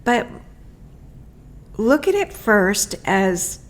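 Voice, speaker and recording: A woman medium talks through a healing prayer at a very unhurried pace. She is gentle and repetitive, with soft fillers and a mid-range pitch. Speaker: spiritual medium. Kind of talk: unscripted spiritual talk.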